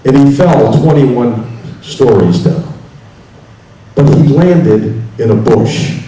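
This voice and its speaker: A man voicing a jealous husband in a joke, telling his story in a low, deadpan way. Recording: echoey hall from far off, faint hiss.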